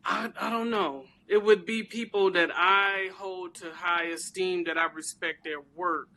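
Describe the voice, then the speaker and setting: A woman chatting as an interview guest, her tone bright and forceful. She talks in an animated, emphatic way, full of informal slang and easy asides. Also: fairly low pitch, measured pace. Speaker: guest, celebrity crafter. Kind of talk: casual interview chat.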